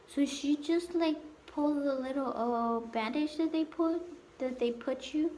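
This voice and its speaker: A young adult woman telling a casual storytime vlog, halting and repetitive with many fillers. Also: a little high, a little mellow, slight background noise. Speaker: vlogger.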